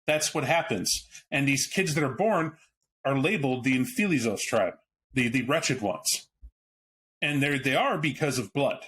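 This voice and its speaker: His voice is medium in pitch and a bit bright, with lively intonation and a slightly slow pace, over a little hiss or hum. Discussing a tabletop game book on his podcast, the host is casual and blunt, cursing occasionally and starting sentences over while he works through his thoughts.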